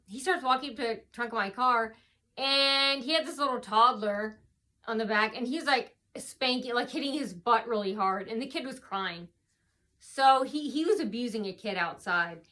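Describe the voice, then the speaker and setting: A woman's voice: fairly high pitch, bright, forceful tone. A woman vlogger telling a long story to camera, rambling with many fillers and restarts, tearful from earlier crying. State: tearful, face swollen from crying.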